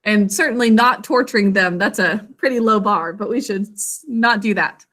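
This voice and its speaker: A woman teaching a class over a video call, encouraging and sounding out words slowly. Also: medium pitch, fairly bright tone.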